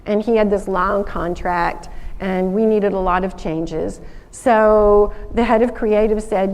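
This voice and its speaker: A woman's voice: medium pitch, steady tone, slow, a little mellow, big-room sound, rough recording. A woman with a Southern accent speaking as a guest at a school assembly, telling folksy stories and acting out her phone calls. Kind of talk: motivational talk to a school assembly.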